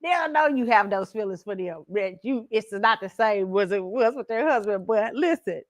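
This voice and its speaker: A woman's voice: medium pitch, moderate pace, no echo. Chatty middle-aged woman host, dry sound. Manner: casual, animated storytelling with frequent laughs. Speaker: show host. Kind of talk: pop culture commentary.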